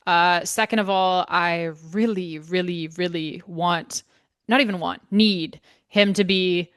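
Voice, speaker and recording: A woman's voice: lowish voice, steady tone, slow, fairly bright tone, clean tone, no echo, studio quality. A woman hosting a casual sports podcast, chatty and full of fillers, swearing now and then. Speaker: podcast host.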